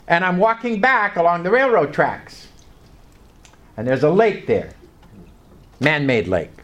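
An older man preaching a folksy, emphatic sermon, reading scripture aloud and slowing down to stress key words. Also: on the high side, fairly bright tone.

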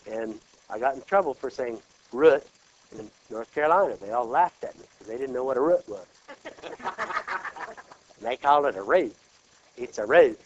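A man's voice: medium pitch, muffled recording, a little hiss or hum. A man from Kansas preaching a sermon, often checking in with his listeners through rhetorical questions. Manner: animated, peppered with rhetorical check-ins.

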